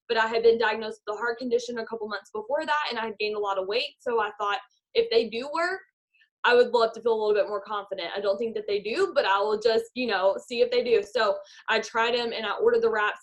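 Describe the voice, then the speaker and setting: A woman's voice: a little high, fairly bright tone. A woman, a network marketing leader giving an upbeat motivational talk over a video call. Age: 20s. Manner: upbeat, guides a visualization.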